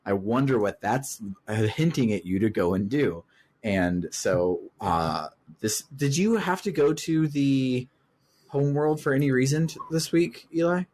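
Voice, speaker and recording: A man's voice: medium pitch, animated, unhurried, darkish tone. A man hosting a casual video game discussion, laughing often and hesitating with fillers. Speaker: podcast host. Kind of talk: casual game-club chat.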